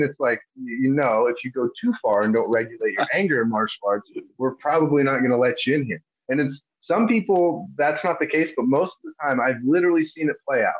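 Male host in a casual interview, mid-pitched and animated, dull lo-fi sound. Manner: animated, thinking aloud with fillers. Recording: dull lo-fi audio.

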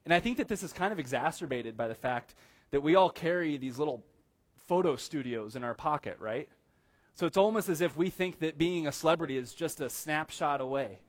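A man's voice: fairly high pitch, expressive. Earnest man preaching a sermon. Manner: earnest, slows down to stress key phrases, addresses listeners as friends. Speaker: pastor.

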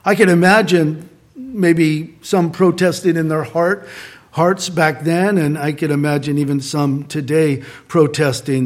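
A middle-aged man preaching a sermon as pastor, earnest and conversational, slowing down to stress key points. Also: fairly high pitch.

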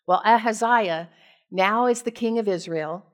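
An American woman preaching from the pulpit at an ordinary, mid-range pitch. She reads scripture with care, slips into relaxed, conversational retellings, and asks the congregation direct questions. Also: a little slow. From United States. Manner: storytelling, casual asides, questions to the congregation. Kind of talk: scripture reading and sermon.

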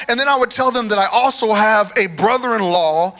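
A man preaching a sermon in a church, telling his own story in a lively, chatty way and drawing in the congregation. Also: very high voice, fairly quick, few pauses. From United States. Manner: animated, conversational, talks to the crowd. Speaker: guest preacher.

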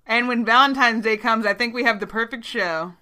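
A woman hosting a podcast in casual chat, playful and quick to laugh. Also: a little high, pushed and bright. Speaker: podcast host.

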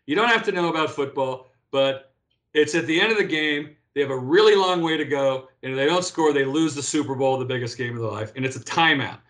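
A man in his fifties talks as an interview guest with a fairly high-pitched voice. He tells stories animatedly, often restarting and repeating words as he works out his point. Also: a little fast, a bit bright. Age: 50s. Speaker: interview guest, former pro athlete. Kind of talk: casual interview talk.

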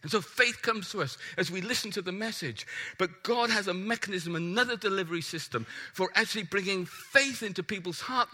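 A man preaching a sermon, emphatic and animated, putting questions to the congregation. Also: high-pitched.

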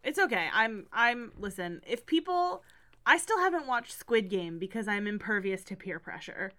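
A woman's voice: medium pitch, expressive, moderate pace, a bit bright. A woman co-hosting a casual movie podcast, playful and upbeat as she chats. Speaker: podcast co-host.

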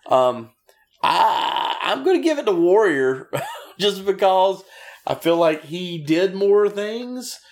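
A man co-hosting a casual chat about wrestling matches, animated and profane as he rants and jokes. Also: sits high, takes it slowly. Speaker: podcast co-host.

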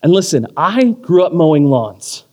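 A man in his thirties preaching a sermon, telling a story with animated, self-deprecating humor. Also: a little high, normal speed. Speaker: pastor. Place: church or community hall. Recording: long hall reverb.

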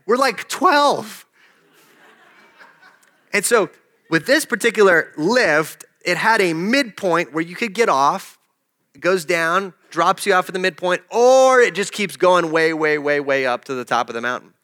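A man's voice: sits high, lively intonation, normal speed, sharp tone. A man preaching a sermon, telling a personal story in a conversational way and joking with the congregation. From desert region. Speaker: pastor.

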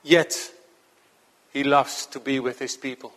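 A man preaching a sermon to his congregation in an earnest, measured way, slowing down to stress key points. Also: medium pitch, flat delivery, fairly bright tone, big-room sound. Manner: earnest, measured preaching with slow emphatic stretches.

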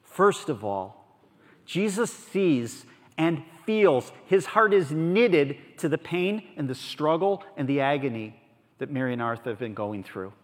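A man preaches a sermon in an earnest, conversational way, his voice sitting a little on the high side. He drops soft, then presses a point emphatically. The sound hangs in the long reverb of a big hall. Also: big pitch swings, a little slow. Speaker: pastor.

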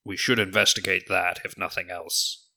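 A man's voice: low-pitched, flat delivery, normal speed, creaky, bright, forceful tone, full character voice. A man voicing a sensible male dwarf on a school's senior staff in a tabletop game. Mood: measured.

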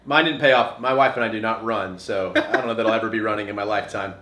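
A young man co-hosting a casual podcast, his voice bright and forward. He rambles through stories, chuckling along the way. The sound carries a noticeable room echo. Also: lowish voice, steady tone, fast talker. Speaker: podcast co-host. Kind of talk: casual chat.

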